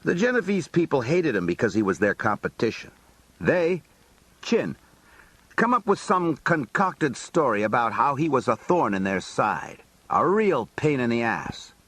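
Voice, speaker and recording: Husky man telling a streetwise story. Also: mid-range voice, very animated, unhurried, fairly bright tone, no echo. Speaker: audiobook narrator. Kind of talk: first-person memoir narration.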